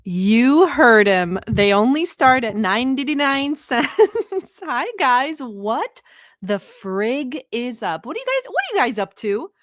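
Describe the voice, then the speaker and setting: A woman from the Middle East chats casually and gossips with her live-stream viewers from a chair at home, laughing often. Her voice sits a touch high. The sound is dry, with no room echo. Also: big pitch swings, a little slow, fairly bright tone. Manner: chatty, gossipy, frequent laughter. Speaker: livestream host.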